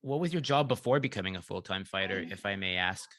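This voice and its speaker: A man's voice: deep voice, lively intonation, fast talker, fairly bright tone, no echo, clean studio sound. A man hosting a podcast, asking questions in a chatty, casual way with many fillers. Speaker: podcast host.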